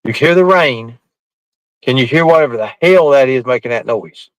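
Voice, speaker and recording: A man's voice: mid-range voice, animated, moderate pace, no echo, poor audio. A man ranting defensively to his live-stream chat, swearing often and rambling from point to point. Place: outdoors at night in the rain.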